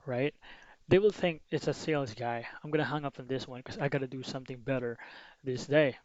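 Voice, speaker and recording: A man's voice: mid-range voice, fairly even intonation, moderate pace, smooth, dry recording. A man giving a casual sales tutorial, talking energetically and acting out phone call lines with changing intonation. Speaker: sales coach.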